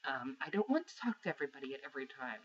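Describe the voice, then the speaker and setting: A young adult gaming vlogger in a profane, exasperated rant, sarcastic and animated, mocking what others said. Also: medium pitch, very fast, husky, dull audio. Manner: animated, mocks others with put-on quotes. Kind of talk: angry rant to camera.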